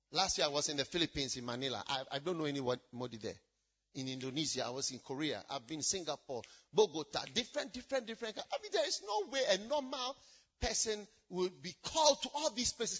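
Woman preacher, sermon, high and lively, bright husky tone, emphatic and repetitive. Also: a little fast, muffled recording. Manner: emphatic, repetitive, alternating shouts and hushed asides.

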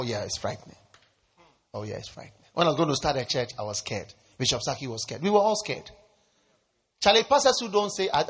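A man pastor delivering a sermon, preaching with rising shouts and playful asides. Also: sits high, slightly rough.

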